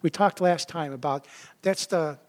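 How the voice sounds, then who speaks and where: High-voiced man preaching conversationally. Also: a little slow. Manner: conversational preaching with frequent "right?" and "you know". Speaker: pastor. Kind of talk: sermon.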